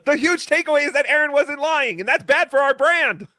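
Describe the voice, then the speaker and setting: A man's voice: very high voice, a little fast, sharp tone, dry recording, pitched above the performer's own voice. A man voicing a snarky puppet that heckles the hosts with sarcastic asides. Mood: mocking.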